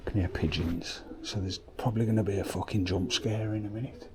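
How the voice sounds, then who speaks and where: A man with a low voice talks his way through an abandoned old building. He drops into half-whispers and swears casually as he points things out. A handheld camera mic picks him up over a heavy wash of background noise. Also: steady tone, fairly quick. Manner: half-whispered, sweary, matter-of-fact asides. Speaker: urban explorer vlogger. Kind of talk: casual exploring commentary.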